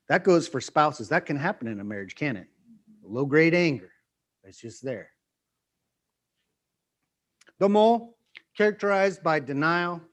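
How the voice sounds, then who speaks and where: A male pastor mid-sermon in a church room, voice sitting a little higher than most men's. He is animated and lively, acting out everyday scenes and putting questions straight to the people in front of him. His pitch swings high and low as he goes. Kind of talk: sermon teaching.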